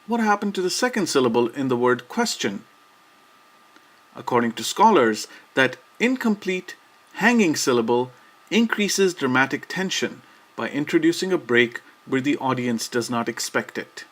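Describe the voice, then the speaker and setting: A man's voice: mid-range voice, big pitch swings, fairly bright tone. Man narrating a poetry lesson. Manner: measured, explanatory delivery. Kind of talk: scripted educational narration.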